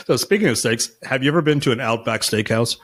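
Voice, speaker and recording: A man's voice: mid-range voice, normal speed, fairly bright tone, husky. A man hosting a podcast interview, asking questions with dry humor and chuckles. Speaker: podcast host. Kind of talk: casual interview chat.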